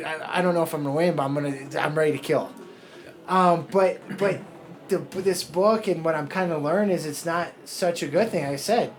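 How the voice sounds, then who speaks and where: A man's voice: on the high side, slight background noise. A fighter in his thirties, talking in a rambling, emotional, profane way in a casual podcast interview. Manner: rambling, emotional, swears a lot. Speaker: fighter guest.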